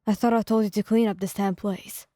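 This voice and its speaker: A woman's voice: mid-range voice, steady tone, brisk, dark tone, dry recording, studio quality, lightly acted. A woman voicing a hot-tempered young man who scolds his girlfriend in a harsh, cursing way. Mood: angry.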